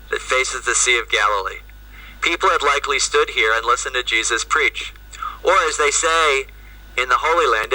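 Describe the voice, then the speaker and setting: A man gives a lively, humorous talk full of asides. His voice is very bright and carries sharply. He sounds distant, as if coming in over a video call. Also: medium pitch. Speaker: Jesuit priest and speaker. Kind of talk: anecdotal storytelling talk. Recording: distant, remote audio.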